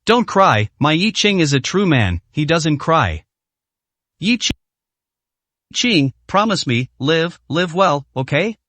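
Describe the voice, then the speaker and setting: A tender young woman on the brink of death, as a male narrator reads her, pleading softly and faltering. The voice sits a little high and sounds dry and close, with no room around it. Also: big pitch swings, slow, dry recording, exaggerated voice. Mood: weak pleading.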